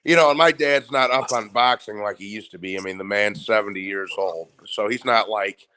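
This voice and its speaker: A man's voice: on the low side, normal speed, bright, forceful tone. Profane rambling man talking boxing. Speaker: stream host. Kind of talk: casual boxing chat.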